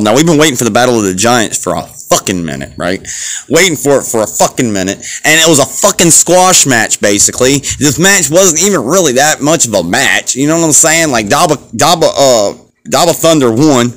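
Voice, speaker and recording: A man talks through a wrestling show on his podcast, swearing freely and rambling from match to match. He gets excitable and jumps between thoughts, with a mid-pitched everyday voice. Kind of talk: casual solo show review.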